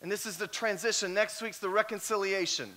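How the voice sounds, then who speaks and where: A man's voice: sits high, fairly quick. A man preaching a sermon, telling personal stories with animation and often doubling his words as he goes. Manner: animated storyteller who often repeats words. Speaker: pastor.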